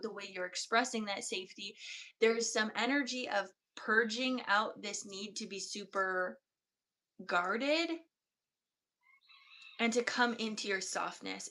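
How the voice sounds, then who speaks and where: A woman energy healer giving a slow, soft-spoken, meditative channeled reading. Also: medium pitch.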